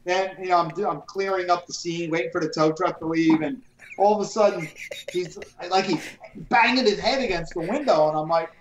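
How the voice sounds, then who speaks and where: A middle-aged man, a retired police officer and business owner, telling animated and profane stories on a casual podcast and acting out both sides of the dialogue. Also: sits high, brisk, background noise. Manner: animated, profane storyteller who acts out dialogue. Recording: roomy echo.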